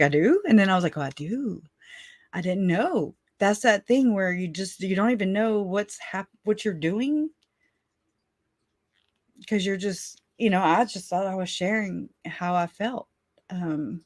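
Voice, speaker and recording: A woman hosting a casual livestream, rambling warmly and laughing often as she reads out and thanks viewers for their comments. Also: lowish voice, no echo, studio quality. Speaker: livestream host.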